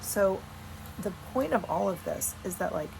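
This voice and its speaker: A woman's voice: mid-range voice, expressive, measured pace, creaky, darkish tone, a little hiss or hum, poor audio. A woman in her thirties talking frankly and casually to camera at home, swearing now and then. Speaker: vlogger and coach. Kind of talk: casual direct-to-camera vlog. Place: at home with dogs.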